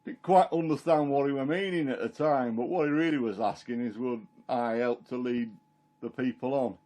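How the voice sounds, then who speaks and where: A man's voice: mid-range voice, moderate pace, mellow, close to an everyday voice. Peter the fisherman, plain-spoken and chatty , played by a man, first-person monologue. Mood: excited. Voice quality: homely dialect storytelling, plain and chatty. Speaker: Christian storyteller in character.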